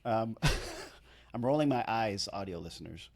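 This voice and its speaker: A man in his thirties, a podcast co-host who also shoots wedding videos, tells a rambling, self-deprecating story packed with "like." His voice sits fairly low and a little mellow, with lively intonation and an unhurried pace. He comes across as chatty.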